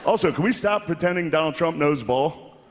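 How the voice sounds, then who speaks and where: A man's voice: a little high, lively intonation, brisk. A male comedian telling a rambling story in stand-up at an awards show, laughing between lines. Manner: rambling anecdotal delivery with laughs. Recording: echoey hall with faint noise.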